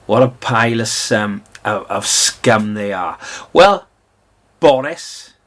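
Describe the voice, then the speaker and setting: A man from Britain giving an angry, scornful political rant, swinging between loud outbursts and low mutters. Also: expressive, slow pace. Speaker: political commentator.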